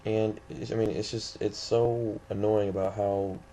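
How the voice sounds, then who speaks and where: A man's voice: fairly low pitch, flat delivery, measured pace, dark tone, a little hiss or hum. A young man from the St. Louis area, ranting indignantly in a vlog, rambling with many restarts. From St. Louis area, USA. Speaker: vlogger.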